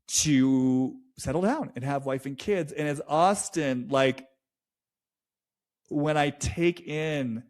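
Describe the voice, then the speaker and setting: A man giving a casual, emotive intuitive reading of a reality-show scene, swearing freely and voicing what others feel. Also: mid-range voice. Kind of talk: casual commentary.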